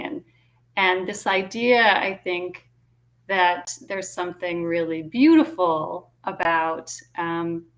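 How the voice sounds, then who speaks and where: A woman's voice: lowish voice, takes it slowly, a bit bright. A woman interviewer who gropes for her words and restarts phrases as she shapes her questions. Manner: searching, restarts phrases while forming questions. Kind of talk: interview conversation.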